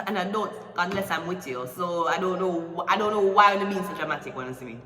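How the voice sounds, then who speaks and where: A woman's voice: lowish voice, animated, brisk, fairly bright tone. A young woman with a Jamaican accent doing a tarot reading as a crude, confrontational, swearing rant. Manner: vulgar, confrontational, swears constantly. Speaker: tarot reader. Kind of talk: profane ranting tarot reading. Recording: echoey room from far off the mic.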